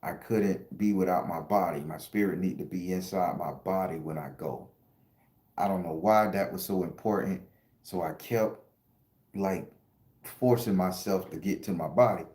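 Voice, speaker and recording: A man's voice: sits low, normal speed, a little mellow, reverberant. A middle-aged man hosting a spiritual livestream, telling an emotional story in slangy casual talk and addressing viewers directly. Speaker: spiritual channel host and tarot reader.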